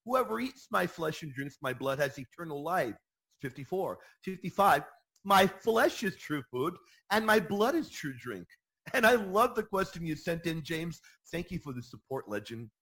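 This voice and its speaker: A man hosting Catholic radio, teaching with fervent, repeated emphasis. His voice sits a bit high and swings widely in pitch. He slips into mock voices to act out objectors. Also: moderate pace, breathy edge. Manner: emphatic, animated, repeats key phrases with bursts of enthusiasm. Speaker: Catholic radio show host answering listener questions. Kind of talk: energetic apologetics teaching.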